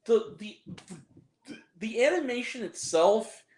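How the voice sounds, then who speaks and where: A man's voice: very high voice, expressive, takes it slowly, a little mellow, echoey room, rough recording. A man giving a ranting movie review, exasperated and profane, with self-deprecating asides. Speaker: film reviewer.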